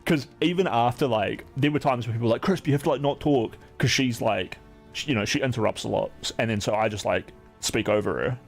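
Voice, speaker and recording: Gravelly-voiced man rambling on stream. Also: medium pitch, a little fast, soft background music. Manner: rambling, profane, heavy use of filler "like". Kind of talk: casual stream chat.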